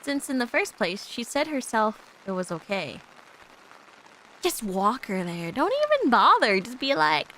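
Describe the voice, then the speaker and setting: A woman's voice: on the high side, big pitch swings, unhurried, fairly bright tone, a little hiss or hum, rough recording. A young woman streaming as a VTuber, chatting playfully with lots of giggles and reading a visual novel aloud.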